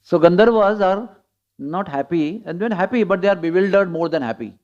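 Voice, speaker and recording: A man's voice: high voice, expressive, a little fast, a little mellow. A man giving a scripture class, telling stories with chuckles and acting out quotes. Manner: storytelling, chuckling, acts out quotes. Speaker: preacher. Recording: dull lo-fi recording.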